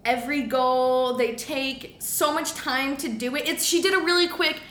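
A woman's voice: sits high, steady tone, normal speed, fairly bright tone. A young woman co-hosting a podcast, chatting casually and animatedly. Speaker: podcast co-host. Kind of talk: casual chat. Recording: echoey room.

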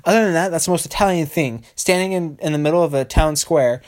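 A man's voice: on the high side, quick pace. Guy ranting on his podcast, swears constantly, rambly, laughs at his own jokes. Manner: crude, rambling, laughs often. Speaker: podcast host. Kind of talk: solo comedic podcast rant.

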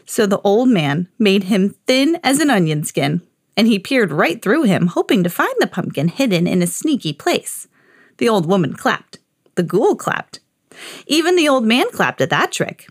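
A woman's voice: medium pitch, big pitch swings, normal speed, no echo, clean studio sound. A woman, a mother, reading a children's picture book aloud in a sing-song storytelling way.

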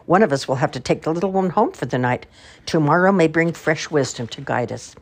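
An older woman voicing a tall, jolly village leader man in a husky voice. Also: low-pitched, animated, fairly quick, heavily acted. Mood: jovial.

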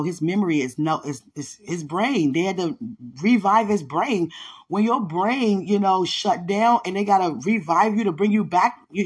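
A woman hosting a podcast, telling a personal faith testimony in casual, animated storytelling. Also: on the low side, breathy edge. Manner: animated storytelling, acts out others' words. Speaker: podcast host.

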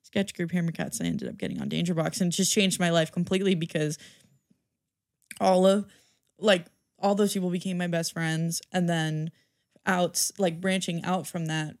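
A young woman in her twenties chats as a podcast guest, her voice sitting a little low but swinging widely in pitch. She talks casually, padding her sentences with "like" and breaking into laughter often. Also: expressive, moderate pace, no echo, clean studio sound. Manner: laughs often, says "like" a lot. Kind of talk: casual chat.

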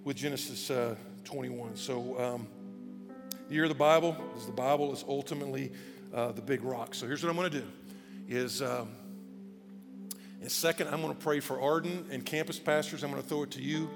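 A male pastor preaching a sermon in a conversational, animated way with casual asides, speaking. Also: medium pitch, a little fast. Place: church auditorium. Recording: long church hall reverb with faint music.

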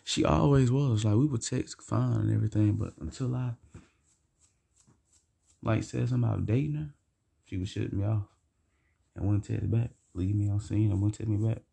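A man's voice: on the low side, moderate pace, creaky, long pauses, warm tone, breathy edge. A young man casually telling a rambling, slangy, profane personal story for his vlog.

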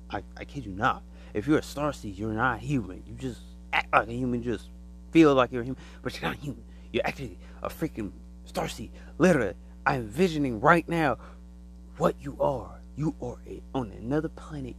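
Animated young man with gravelly voice. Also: mid-range voice, poor audio. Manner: animated, slangy, repeats phrases for emphasis. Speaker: podcaster sharing spiritual experiences. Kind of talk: casual monologue.

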